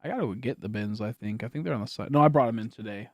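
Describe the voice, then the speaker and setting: A streamer chatting casually over a game, animated, laughing often and swearing freely. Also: mid-range voice, very fast, no room sound. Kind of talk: casual gameplay stream chat.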